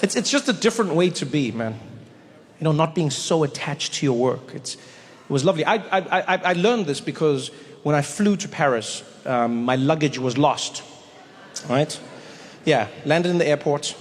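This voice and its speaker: A man performing a stand-up comedy set, telling stories in an animated way with sudden exaggerated voices. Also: a little high. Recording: long hall reverb, faint noise.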